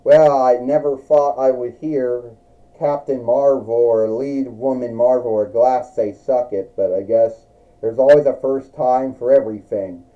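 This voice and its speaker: Brief: a man as a polite, chatty wrestling interviewer, unhurried, dull homemade recording. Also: mid-range voice, fairly even intonation, close to an everyday voice.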